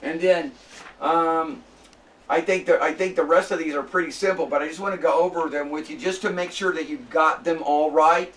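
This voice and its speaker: A man lecturing a classroom, slowly spelling out sounds and checking in with his students. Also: fairly high pitch, steady tone, a bit bright, recorded from a distance.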